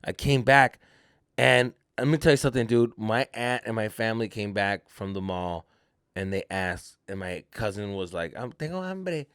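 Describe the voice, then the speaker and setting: A man who hosts a comedy podcast, telling a story in an animated way, mixing Spanish slang into casual English and saying "dude" a lot. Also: lowish voice, normal speed, clean tone, no room sound, clean studio sound. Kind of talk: comic storytelling.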